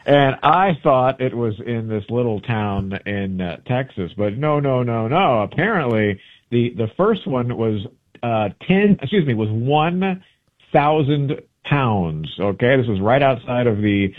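A man's voice: mid-range voice, expressive, a little slow. Chatty man on a tinny phone line. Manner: chatty, rambling, self-correcting storyteller. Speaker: travel book author guest. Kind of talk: casual radio interview.

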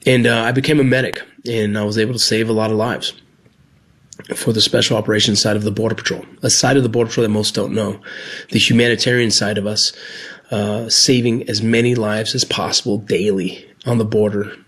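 Husky, earnest middle-aged man. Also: fairly low pitch, level tone, a little fast, fairly bright tone. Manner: earnest, heartfelt, with frequent restarts. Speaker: former Border Patrol agent and medic. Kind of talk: personal storytelling.

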